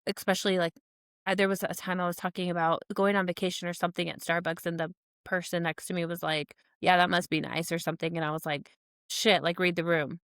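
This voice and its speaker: A woman's voice: fairly low pitch, little pitch movement, fast talker, smooth, no echo, studio quality. A woman co-hosting a podcast in casual chat, rambling with lots of "like"s and restarts and laughing between thoughts. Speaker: podcast co-host.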